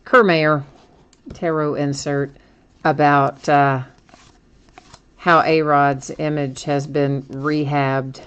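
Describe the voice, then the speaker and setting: A woman's voice: deep voice, little pitch movement, takes it slowly, pauses often, clean tone, muffled recording. A woman hosting a live trading card break, chatting and thinking aloud with frequent small laughs as she opens packs.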